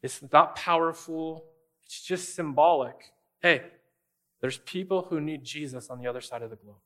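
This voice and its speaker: A man's voice: a little high, moderate pace, pushed and bright. A man preaching a sermon as a pastor, conversational and emphatic, often speaking straight to his listeners.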